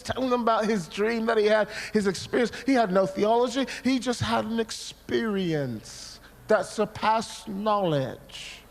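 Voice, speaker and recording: A man preaching a sermon, telling a personal story in an animated way, acting out his own past words and sometimes breaking into shouts. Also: high-pitched, unhurried, few pauses. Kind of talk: sermon testimony. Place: large church hall. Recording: long hall reverb.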